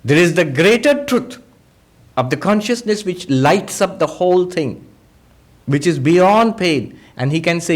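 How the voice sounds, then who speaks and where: A monk teaching a spiritual discourse, patiently explaining ideas through everyday examples and quoted dialogue. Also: male voice, high voice, lively intonation, unhurried. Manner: acts out quoted speakers in dialogue.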